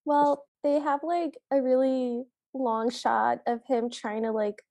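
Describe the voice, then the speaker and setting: A woman co-hosting a podcast, retelling a movie scene in an animated way and quoting the characters' lines. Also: sits high, slow, dry recording. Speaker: podcast co-host. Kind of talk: casual movie recap chat.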